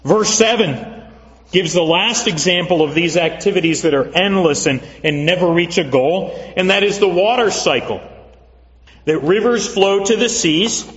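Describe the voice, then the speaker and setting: A man preaching a sermon as pastor, earnest and measured, repeating phrases for emphasis. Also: sits high, a bit bright. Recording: dull lo-fi recording with long hall reverb.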